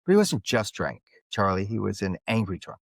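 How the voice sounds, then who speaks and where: A man with a Philadelphia and South Jersey accent and a slightly high, nasal voice, telling stories as a guest in an interview. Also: normal speed, vocal fry, no echo. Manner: animated storyteller who acts out the other people in his stories. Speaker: guest, conflict mediator. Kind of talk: storytelling interview talk.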